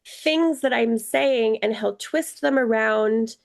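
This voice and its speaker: A woman in her thirties co-hosts a casual parenting podcast, with a gravelly, fry-tinged voice. She tells candid stories and quotes her child as she goes. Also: a little high, takes it slowly. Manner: candid storytelling, quoting her child, laughing often. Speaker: podcast co-host.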